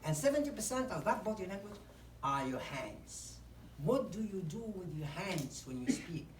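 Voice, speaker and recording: A woman's voice: lowish voice, big pitch swings, normal speed, a little mellow, a little hiss or hum. A woman teaching a public speaking workshop to a live group, acting out examples as she goes and often saying "you know". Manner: demonstrative, acts out examples, frequent "you know". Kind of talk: instructional talk to a live group. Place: meeting room. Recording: roomy echo, distant mic, faint ambience.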